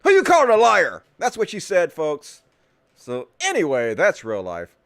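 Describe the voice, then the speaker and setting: A man's voice: high-pitched, huge pitch swings, normal speed, a bit bright, no echo. A man hosting a political talk show, ranting with sarcasm and lots of swearing. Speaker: host.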